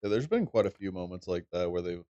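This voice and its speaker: A man co-hosting a podcast in casual chat, recalling things in a relaxed, rambling way. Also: sits low, fast, lo-fi sound. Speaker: podcast co-host.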